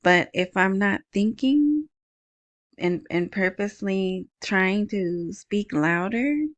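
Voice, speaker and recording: A woman with a soft, small voice hosting a casual solo podcast, chatting in a rambling way into a wired earbud mic. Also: mid-range voice, animated, slow pace, dry recording. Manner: rambling, chatty, self-interrupting. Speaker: podcast host.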